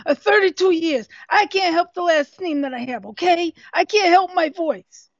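A woman putting on a brassy, chain-smoking supervisor lady with a raspy smoker's rasp and a high-set voice, sassy and calling everyone honey. The prank call has a dry, muffled sound. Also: normal speed, no echo. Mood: indignant. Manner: sassy, calls people honey. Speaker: prank caller posing as supervisor.

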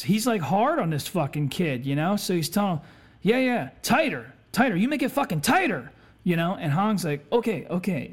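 High-pitched guy casually telling a story, swears nonstop, laid-back and chatty. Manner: profane, swears constantly; laid-back and chatty, full of fillers like "you know". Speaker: podcast host.

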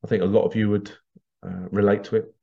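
A man's voice: fairly low pitch, little pitch movement, fast talker, vocal fry, warm tone. Ranting man, dull lo-fi sound. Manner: ranting, indignant and sarcastic, swears casually. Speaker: podcast host. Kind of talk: opinionated podcast monologue.

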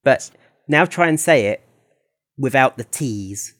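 A man's voice: medium pitch, animated, takes it slowly, a bit bright. A man from the UK with a British accent, a guest chatting on a podcast in a playful, jokey way. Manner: playful, jokey, laughs easily. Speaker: guest, esports commentator. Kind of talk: casual podcast chat.

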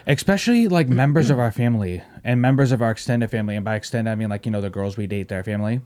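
Animated, profane young podcast host. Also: male voice, mid-range voice, rapid-fire. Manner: animated, profane storytelling with laughs. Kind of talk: casual podcast chat.

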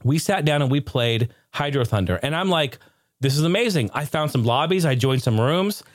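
A man hosting a casual live stream, excitable and ranting one moment, joking the next. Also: medium pitch, moderate pace, no room sound, clean studio sound. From United States. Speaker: streamer and show host.

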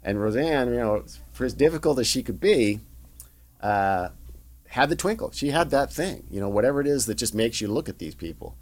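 A middle-aged man, a TV showrunner, telling animated anecdotes in an interview and acting out the voices of people he quotes. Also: mid-range voice, a little fast. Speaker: guest, veteran TV showrunner. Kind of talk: storytelling interview chat.

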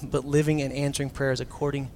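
A man preaching a casual, animated sermon as a pastor, swinging from loud emphasis down to near-whispers and acting out quotes. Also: mid-range voice, fast talker, a little hiss or hum.

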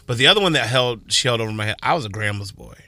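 A man co-hosting a morning radio show, chatting expressively, dropping into quiet asides and acting out what people said. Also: medium pitch, rapid-fire. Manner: expressive, dips into quiet asides and acted quotes. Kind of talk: casual radio chat. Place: radio studio. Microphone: studio microphone.

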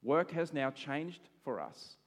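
Australian male pastor, thirties, casual animated sermon delivery, slightly high voice, echoing hall. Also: slow. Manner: animated and conversational, with asides and laughs. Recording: long hall reverb.

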